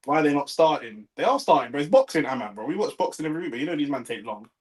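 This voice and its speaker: A young man hosting a live stream, talking in animated, argumentative banter. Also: on the high side. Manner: quick, animated, argues his point. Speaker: host of a live watch-along stream. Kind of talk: casual banter.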